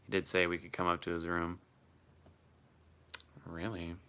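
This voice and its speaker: A man's voice: low-pitched, monotone, a little slow, bright, forceful tone, clear, resonant tone. A man chatting casually on a live stream and answering his chat, laughing often and swearing freely.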